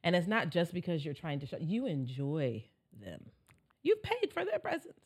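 A woman's voice: fairly low pitch, normal speed, breathy edge. A woman co-hosting a podcast, chatting casually and telling stories playfully with lots of laughter. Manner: animated, laughing often, playful storytelling. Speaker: podcast co-host. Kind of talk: casual chat.

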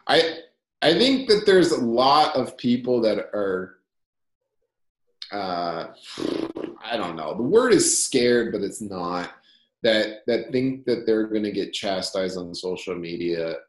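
A young man, a company founder, talking as a guest in a casual interview, telling energetic stories and acting out dialogue. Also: fairly low pitch, slow pace. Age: young adult. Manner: energetic storyteller, repeats phrases, acts out dialogue. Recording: roomy echo.

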